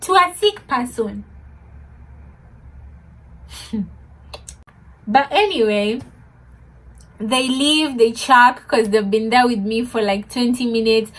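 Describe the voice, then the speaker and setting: A young woman telling a funny story, animated, laughing often and mixing in Swahili words. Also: fairly high pitch, slow pace, pauses often. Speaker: vlogger. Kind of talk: casual storytime.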